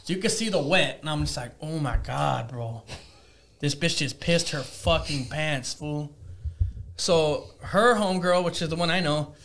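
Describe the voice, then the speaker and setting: A man with a fairly high voice telling a crude anecdote in loose casual chat. He swears constantly and acts out every quote, his voice leaping up and down. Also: normal speed, slight background noise. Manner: profane, animated, acts out quotes. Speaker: podcast guest. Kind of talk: casual storytelling.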